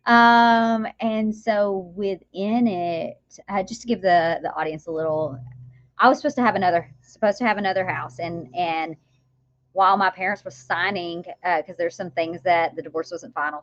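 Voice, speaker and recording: A woman's voice: lowish voice, normal speed, dry recording. Woman storyteller with a dull, dry sound. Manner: animated storytelling with laughs and acted quotes. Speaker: guest, author. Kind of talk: podcast interview.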